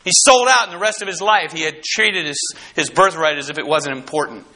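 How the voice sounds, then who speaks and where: Fervent high-voiced male preacher. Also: fairly quick. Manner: fervent, swells into shouts on key points; folksy, repeats and restarts words. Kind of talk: sermon.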